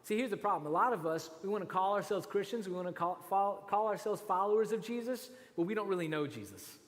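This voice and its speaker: A man's voice: high-pitched, expressive, quick pace, long reverb tail. A man preaching a sermon as pastor, talking in a conversational way with rhetorical asides. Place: church.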